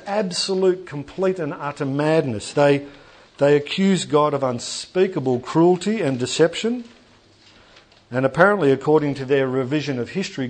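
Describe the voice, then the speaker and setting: A man preaching a sermon in a church hall. His delivery is animated and conversational, with asides and jokes to the congregation. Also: medium pitch.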